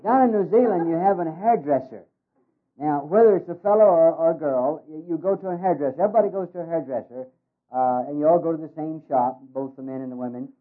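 A man's voice: fairly high pitch, fast. Folksy man speaking over a tinny line. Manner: folksy, hesitant with many uh's. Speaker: ministry worker giving a talk. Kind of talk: humorous speech with jokes. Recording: tinny phone-like radio recording.

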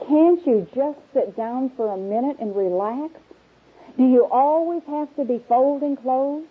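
A woman teaching a women's Bible class to a live audience, animated and humorous, acting out everyday household scenes. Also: high-pitched. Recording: tinny, narrow-band old recording.

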